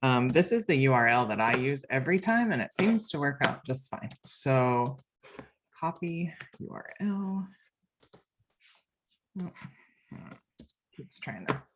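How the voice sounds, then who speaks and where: A woman's voice: very deep voice, animated, unhurried, long pauses, a little hiss or hum. A woman filling in as host of a video call, chatty and self-deprecating, laughing often. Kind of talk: casual video call chat.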